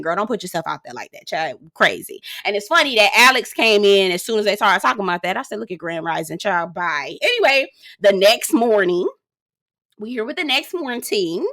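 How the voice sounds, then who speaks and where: A woman's voice: mid-range voice, sharp tone. A young woman casually recapping a reality show, sassy and profane, with dramatic asides.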